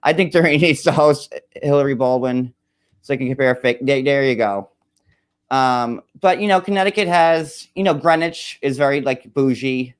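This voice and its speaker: A man's voice: medium pitch, moderate pace, clean tone. Rambling man chatting casually. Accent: New York area. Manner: rambling, many "like" and "um" fillers. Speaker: host. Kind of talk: casual chat.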